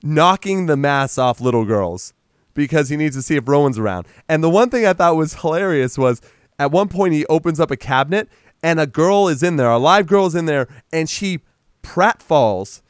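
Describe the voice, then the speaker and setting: A man casually recapping a movie in conversation, jumping into loud animated impressions of the characters and swearing freely. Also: on the high side, moderate pace, smooth, no room sound, clean studio sound. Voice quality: animated retelling, acts out characters in a raised voice, swears. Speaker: podcast co-host.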